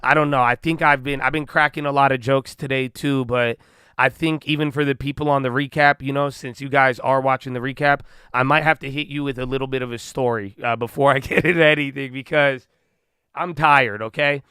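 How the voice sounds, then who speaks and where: Hyped young man streaming, bright crisp voice. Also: mid-range voice, steady tone, brisk, no room sound, studio quality. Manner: hyped, slangy, shouts out viewers. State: winded, out of breath. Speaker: live-stream trading host. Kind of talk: casual live-stream chat.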